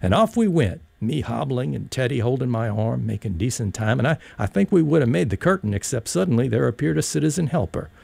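Brief: male audiobook narrator, very gravelly, husky, wry storyteller. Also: mid-range voice, expressive, brisk, hardly any pauses, a little mellow, no echo. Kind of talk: audiobook reading, first-person story.

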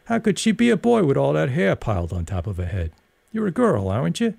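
A man's voice: a little high, very animated, a little fast, vocal fry, darkish tone, no room sound, voice pushed up, exaggerated voice. A man reading aloud and voicing a young man who plays along with a joke in feigned, grave indignation. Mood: mock-indignant.

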